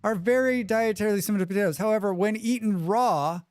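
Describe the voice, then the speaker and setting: A man hosting a live game stream, chatting quickly with viewers and thinking aloud as he plays. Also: high-pitched, darkish tone, clean tone, no room sound, studio quality. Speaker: livestream game host. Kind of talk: casual live gameplay commentary.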